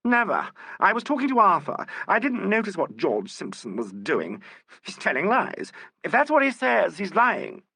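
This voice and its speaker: Man doing a shrill, panicky actress. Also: wildly swooping pitch, a little fast, bright, forceful tone, dry recording, studio quality, heavily acted. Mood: hysterical. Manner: pleading, denying, near hysterical. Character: frightened theatrical actress woman, shrill. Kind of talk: audiobook character voice.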